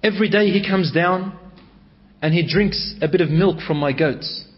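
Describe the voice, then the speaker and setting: A plain village shepherd, as a man storyteller puts him on, matter-of-fact and a little puzzled. The voice sits high. It comes through a dull, lo-fi recording. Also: normal speed, lightly acted.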